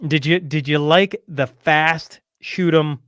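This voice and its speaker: A man hosting a casual podcast, excitable and quick to repeat himself as he wraps up the episode. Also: a little high, clean tone, no echo, studio quality. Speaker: podcast host. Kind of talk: casual chat.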